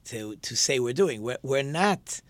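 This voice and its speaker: A man's voice: medium pitch, lively intonation, a little slow, a bit bright, no echo. A male teacher giving a conversational religious lesson and posing rhetorical questions to his listeners.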